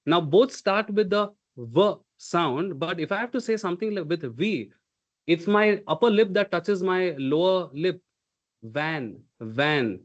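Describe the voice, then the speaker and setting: A man's voice: high voice, muffled recording. A man coaching pronunciation in a live online workshop. He speaks emphatically, demonstrates sounds aloud and keeps checking in with "okay?". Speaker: communication coach.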